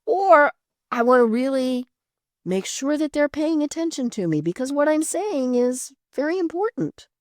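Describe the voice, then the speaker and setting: Lively, chatty woman podcast host. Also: high voice, moderate pace, dry recording, studio quality. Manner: chatty, laughs often, many fillers and restarts. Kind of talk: casual interview chat.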